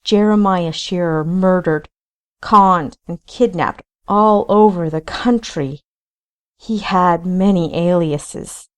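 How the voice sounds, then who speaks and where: A woman reading aloud voices a guilt-ridden male bounty hunter who pleads in loud, quivering anguish. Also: on the low side, slow pace, smooth.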